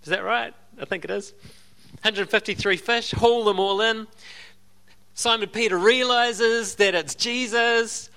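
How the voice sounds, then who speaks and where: Bright-voiced Australian pastor, chatty. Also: male voice, high-pitched, steady tone, a little slow, creaky. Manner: conversational storytelling with asides and laughs. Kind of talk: sermon.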